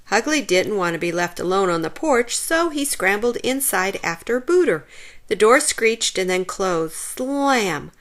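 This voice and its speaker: A woman brings a children's storybook to life, reading it aloud expressively and with animation. Her medium-pitched voice keeps a measured pace.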